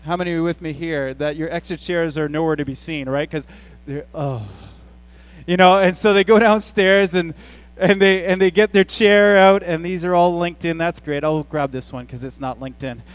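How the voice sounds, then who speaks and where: A man in his forties preaching to a congregation, his voice sitting a touch higher than most men's. He spins homey family stories in a loose, chatty way, jumping into playful asides and quoted voices. A faint electrical hum runs underneath. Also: moderate pace, clear, resonant tone, no echo, poor audio. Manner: chatty, storytelling, animated asides. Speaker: pastor. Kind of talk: sermon.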